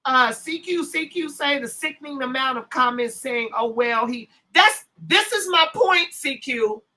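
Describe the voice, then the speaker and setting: Bright-voiced woman hosting a rambling livestream. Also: high voice, animated, measured pace, rough recording. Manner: loose, rambling, talks to chat while setting up. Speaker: livestream host. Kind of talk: casual livestream chat.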